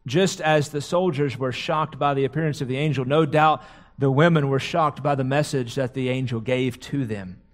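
A man's voice: medium pitch, normal speed. A man preaching a sermon, retelling a scripture story dramatically, often repeating words as he goes. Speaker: pastor.

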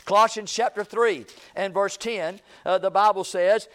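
A man preaching a sermon to a church congregation, reading scripture aloud with dramatic pauses and swinging between loud declarations and hushed lines. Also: high voice, steady tone. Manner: reads scripture aloud in a slow, deliberate cadence. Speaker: pastor. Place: church sanctuary.

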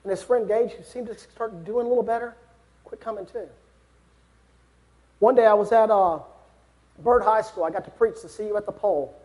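A man's voice: sits high, moderate pace, pauses often, mellow. A young man preaching a sermon, earnest and building to fervent exhortation.

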